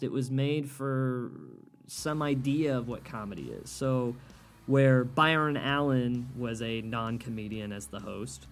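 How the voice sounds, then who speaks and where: A man hosting a solo comedy podcast, ranting with heavy profanity and doing mocking impressions. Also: mid-range voice. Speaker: podcast host.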